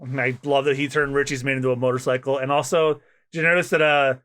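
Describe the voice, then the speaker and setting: A man's voice: medium pitch, steady tone, fast talker, a bit bright. A man co-hosting a podcast, chatting enthusiastically and reading a manga aloud. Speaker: podcast co-host.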